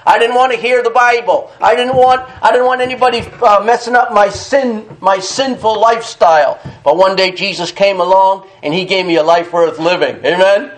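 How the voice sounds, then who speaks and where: A man's voice: sits high, normal speed, hardly any pauses. A man preaching a sermon emphatically, repeating key phrases, calling out to the congregation for an "amen" and laughing between points.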